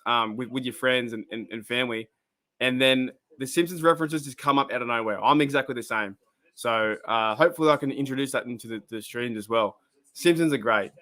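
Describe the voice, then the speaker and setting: A man's voice: medium pitch, bright, forceful tone. A man from Australia with an Australian accent, hosting a live stream and chatting casually in a rambling way, often laughing.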